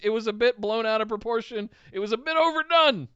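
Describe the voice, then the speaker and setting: A man co-hosting a podcast, chatting about wrestling in an excitable, jokey way and reading out donations. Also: very high-pitched, a little fast, smooth, no room sound. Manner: excitable, laughs often, jokey. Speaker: podcast co-host. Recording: dull lo-fi, dry sound.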